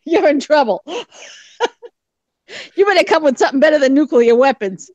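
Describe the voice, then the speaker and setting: A talkative woman on a group video call, laughing through her stories and mocking herself. Her voice sits high and swings widely in pitch. The sound is close and dry. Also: lively intonation, moderate pace, a little mellow, no echo, lo-fi sound. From Massachusetts. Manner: chatty, laughing, self-mocking. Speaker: group chat participant. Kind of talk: casual group video chat.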